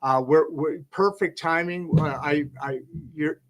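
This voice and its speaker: A man's voice: on the high side, fairly even intonation, measured pace. A man hosting a live interview show, talking in a rambling, enthusiastic way full of asides and restarts. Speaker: talk show host. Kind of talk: casual live interview chat.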